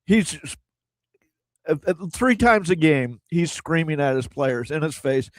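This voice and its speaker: This middle-aged man co-hosts a sports talk radio show in a relaxed, conversational way. His voice sits a little higher than most men's and sounds close and dry. He often repeats a word or two while he works toward his point. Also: measured pace, dry recording. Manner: chatty, repeats words as he gathers thoughts.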